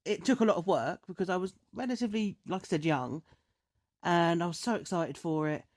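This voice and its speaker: A woman on a podcast, casually chatting and telling a story with lively, animated delivery. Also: on the low side, a little fast. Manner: animated storyteller, acts out dialogue in raised voice. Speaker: podcast co-host.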